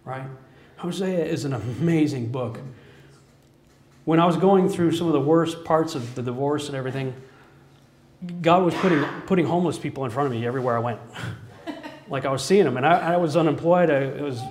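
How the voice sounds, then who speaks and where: A man's voice: on the high side, a little fast, darkish tone, a little hiss or hum. A man giving an earnest personal testimony as a sermon, telling his story with frequent chuckles. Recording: echoey room.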